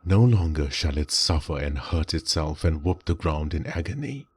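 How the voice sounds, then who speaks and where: Guy voicing a young maid talking back, pleading and reproachful, deep husky voice pushed a bit higher. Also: expressive, normal speed, a little mellow, exaggerated voice. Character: young female servant, defiant and reproachful.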